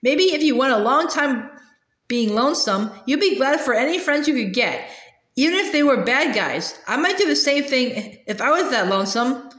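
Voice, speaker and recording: A woman voicing a good-natured cartoon dog with a folksy, gentle manner while reading a storybook aloud. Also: high voice, animated, normal speed, echoey room. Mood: kindly.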